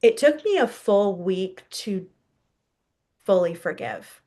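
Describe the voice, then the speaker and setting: A woman's voice: medium pitch, big pitch swings, takes it slowly, warm tone. A woman in her thirties, a podcast guest, telling a personal story candidly and laughing now and then.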